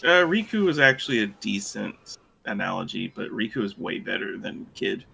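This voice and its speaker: A man's voice: lowish voice, big pitch swings, moderate pace, creaky, sharp tone, husky. A man giving teasing, dry commentary as guide on a game playthrough. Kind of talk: casual let's-play commentary.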